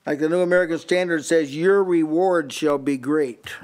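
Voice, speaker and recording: In a small house church, an older man preaches at a normal speed with a slightly high, darkish voice. He reads out and compares Bible passages in many translations, often restarting and repeating his words.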